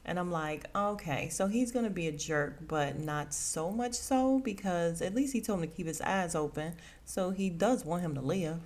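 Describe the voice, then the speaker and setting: Woman retelling a TV episode, lowish voice. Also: moderate pace, few pauses, a little mellow. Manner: conversational retelling, quoting characters' lines. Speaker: podcast host reviewing a TV episode. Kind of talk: casual episode recap.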